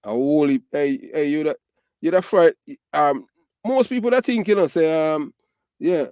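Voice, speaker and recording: A man's voice: fairly high pitch, a little slow, darkish tone, smooth, dry recording, clean studio sound. A middle-aged man from Jamaica with a Jamaican Patois accent, giving emphatic, repetitive commentary full of fillers. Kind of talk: casual ranting commentary.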